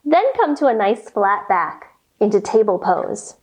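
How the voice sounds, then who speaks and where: A woman's voice: mid-range voice, expressive, a little slow, a little mellow. A woman guiding children through a yoga lesson in a playful, sing-song way, with animal sounds and a nursery rhyme. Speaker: kids yoga teacher. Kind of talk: guided kids yoga lesson.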